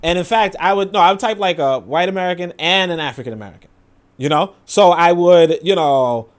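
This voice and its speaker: A man's voice: high-pitched, brisk, clean tone. A man commenting casually on a clip, rambling with many fillers. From New York. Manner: rambling, filler-heavy, acts out quoted voices.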